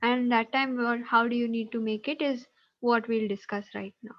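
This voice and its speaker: A woman with an Indian English accent teaches an online class, explaining steps patiently and often checking whether her students follow. Her voice sits fairly high. The sound is dull and lo-fi, like video call audio. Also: fairly even intonation, normal speed. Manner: patient, explanatory, checks understanding with tag questions.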